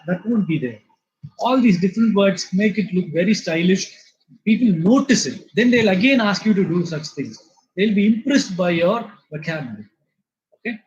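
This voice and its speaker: High-voiced man lecturing on vocabulary. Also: muffled recording. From India. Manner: explanatory, repeats words, many fillers. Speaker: English lecturer.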